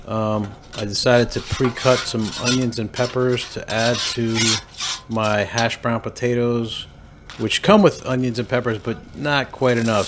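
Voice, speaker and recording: A man talks through his outdoor cooking in an easygoing, matter-of-fact voice of middle pitch. He drops in small practical tips as he goes. Clear noise sits behind him the whole time. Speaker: cooking vlogger. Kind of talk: voice-over narration.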